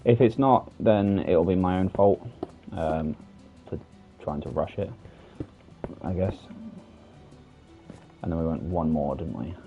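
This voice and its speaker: A man's voice: low voice, takes it slowly, long pauses, narrow, tinny audio, faint music behind. A British man streaming a building game, chatting casually with a self-deprecating, rambling manner and lots of fillers, recorded on a desk microphone. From United Kingdom. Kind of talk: casual gameplay commentary.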